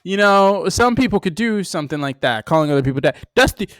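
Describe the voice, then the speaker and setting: Lively, playful male podcast co-host. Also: high-pitched, quick pace, no room sound. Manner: playful, animated, riffing with bits. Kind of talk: casual wrestling podcast chat.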